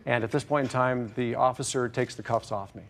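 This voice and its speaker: Halting man testifying in court. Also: medium pitch, steady tone, vocal fry. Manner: hesitant, halting, many fillers. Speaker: plaintiff.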